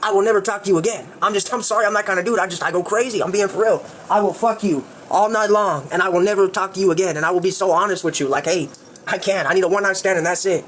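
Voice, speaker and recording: A man's voice: high voice, racing, few pauses, fairly bright tone, slight background noise. A man telling a crude, rambling story in casual livestream chat, full of fillers.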